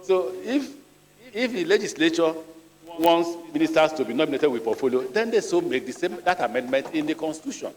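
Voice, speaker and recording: A middle-aged man from Nigeria with a Nigerian accent, a nominee answering questions at a formal hearing in a deliberate, measured way and mixing in stories. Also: a little high, lively intonation. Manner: deliberate, measured, with storytelling asides. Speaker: ministerial nominee before a senate. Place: large legislative chamber. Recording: long reverb of a large chamber.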